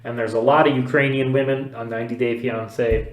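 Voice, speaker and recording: Man, podcast co-host, casual chat, halting, joking, medium pitch, echoey room. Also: level tone, highs cut off. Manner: hesitant, filler-heavy, joking.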